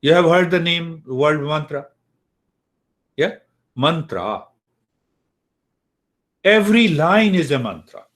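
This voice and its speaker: Slow, questioning man teaching spiritual ideas. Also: fairly high pitch, animated, a bit bright. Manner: slow, repeating key words, asks the class questions. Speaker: teacher of Eastern wisdom. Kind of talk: spiritual lecture to a class. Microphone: computer mic, online class.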